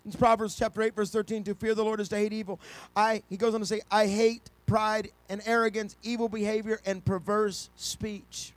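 Middle-aged male preacher, high voice, dry close sound, storytelling sermon that swells into fervent shouting. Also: flat delivery, normal speed, no room sound. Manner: storytelling preacher, builds to loud passionate climax.

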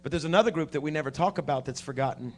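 A man preaches from a conference stage, his voice set a little high. He swings from near-whispered asides to full-throated shouting, with a faint hum under the stage mic. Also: very fast. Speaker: pastor. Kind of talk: sermon. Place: conference hall.

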